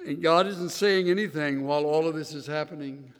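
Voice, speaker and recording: A male pastor preaching a sermon in an earnest voice that swings into loud, emphatic bursts. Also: a little high, fairly quick, few pauses. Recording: reverberant hall.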